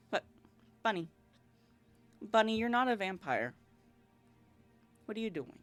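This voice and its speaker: A woman streaming a visual novel, talking casually with a pitch that leaps all over the place. She is chatty, quick to laugh, and scolds her cat. Faint game music plays behind her. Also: big pitch swings, fairly bright tone. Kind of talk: casual livestream chat while reading a visual novel.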